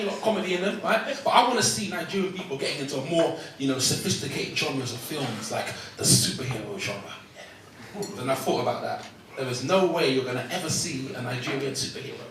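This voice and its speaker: A man's voice: a little high, background noise. A man performing a stand-up comedy set, chatty and punchy with frequent asides to the crowd. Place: comedy club stage with laughing audience. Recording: echoey club audio from far off, loud crowd.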